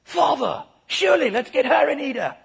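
A man's voice: extremely high pitch, big pitch swings, normal speed, gravelly, pitched above the performer's own voice, full character voice. A man voicing a young cannibal son in a put-on British accent who politely pleads with his father. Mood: eager.

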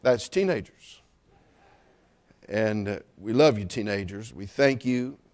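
A middle-aged man preaching at a church service, teasing the congregation with jokes and rising to loud exclamations. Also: fairly low pitch, slow pace. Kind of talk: sermon with humorous asides.

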